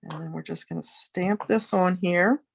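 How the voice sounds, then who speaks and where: A woman's voice: lowish voice, normal speed, vocal fry, slightly rough, no room sound. Chatty woman demonstrating a craft project. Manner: chatty, friendly asides, thinks aloud while working. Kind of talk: casual tutorial demonstration. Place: home craft studio.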